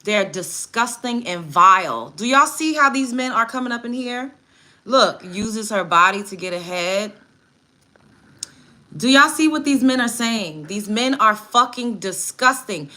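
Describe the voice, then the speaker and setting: A woman's voice: fairly high pitch, expressive, measured pace, pushed and bright. A woman hosting a livestream, reading chat comments aloud and answering them in a blunt, profane, indignant rant while doing her makeup at home. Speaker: livestream host.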